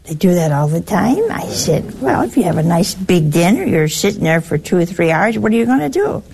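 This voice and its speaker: A woman's voice: fairly low pitch, big pitch swings, brisk, vocal fry, crowd noise. A woman giving a conversational, folksy sermon to listeners, telling stories and acting out voices, laughing often. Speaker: religious speaker addressing listeners.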